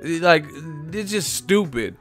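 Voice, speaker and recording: A man hosting a boxing live stream, ranting casually and loudly, swearing, mocking and laughing often as he reads the chat. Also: on the high side, animated, slow, faint music behind.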